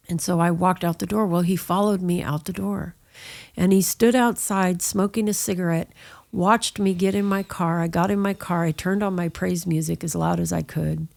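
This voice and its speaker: A woman's voice: on the low side, fairly even intonation, moderate pace, gravelly, a little mellow. A middle-aged woman telling her personal faith testimony in a conversational interview, with frequent "you know" asides. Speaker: guest sharing her testimony.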